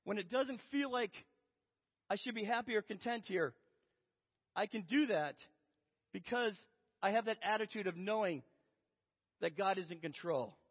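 Male pastor in a church, high voice, joking storyteller, lo-fi recording. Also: animated, normal speed, long pauses, husky. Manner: storytelling, self-deprecating humor. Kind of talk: sermon. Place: church sanctuary. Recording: lo-fi with long hall reverb.

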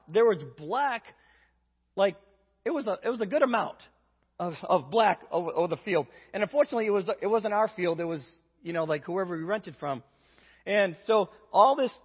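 His slightly rough voice sits high. Preaching in a reverberant hall, captured on dull lo-fi audio, the man from Indiana, US tells a humorous story about himself, voicing the people in it and making himself the joke.

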